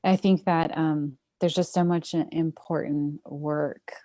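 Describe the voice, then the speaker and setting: A woman who coaches fathers, speaking warmly and thoughtfully with empathy. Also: sits low, steady tone, measured pace, no room sound, clean studio sound. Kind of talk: casual conversation.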